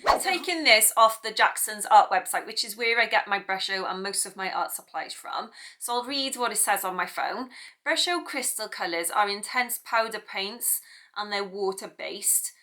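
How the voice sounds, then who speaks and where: A chatty British woman hosts an art tutorial in a casual, rambling way, often laughing at herself as she goes. Her voice is bright and forward. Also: mid-range voice, animated, normal speed. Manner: chatty, self-deprecating, rambling asides. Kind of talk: casual chat to camera.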